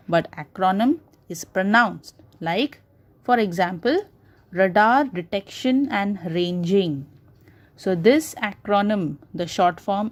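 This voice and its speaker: Slow, patient woman teaching grammar. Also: mid-range voice, darkish tone. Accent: Indian English. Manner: slow, patient explaining with repeated examples. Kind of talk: classroom grammar lesson.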